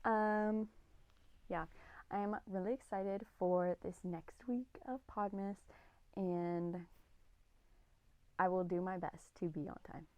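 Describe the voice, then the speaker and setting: A woman in her twenties co-hosting a podcast, chatting casually on her own in a gushing, excitable and rambling way. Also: medium pitch, slow, long pauses, no echo, dull audio. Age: 20s. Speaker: podcast co-host. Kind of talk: casual solo podcast chat.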